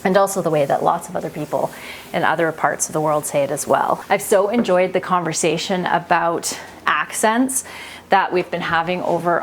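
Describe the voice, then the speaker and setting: A woman's voice: fairly low pitch, gravelly, a little hiss or hum. Chatty Canadian woman cooking at home. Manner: chatty, laughs easily, thinks aloud while cooking. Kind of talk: casual cooking chat. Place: home kitchen.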